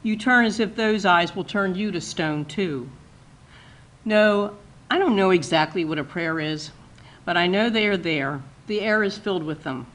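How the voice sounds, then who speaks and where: A woman poet reading her own poem aloud at a launch party, in a measured, cadenced delivery that drops low and soft at line ends. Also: poor audio. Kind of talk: poetry reading.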